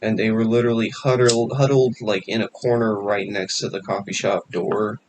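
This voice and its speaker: A man's voice: fairly low pitch, flat delivery, moderate pace, noisy background. A man co-hosting a casual podcast, telling rambling stories with lots of swearing and filler. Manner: rambling, profane, storytelling. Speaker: podcast co-host. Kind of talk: casual chat.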